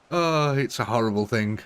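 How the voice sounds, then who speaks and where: A man chatting casually while live-streaming a game late at night, chuckling often. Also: lowish voice. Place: home at night.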